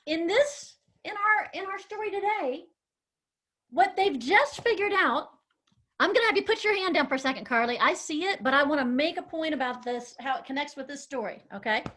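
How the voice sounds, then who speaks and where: Upbeat woman teaching kids a bible lesson, encouraging, really high bright voice. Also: normal speed. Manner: animated, encouraging, calls on children by name. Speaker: children's ministry teacher.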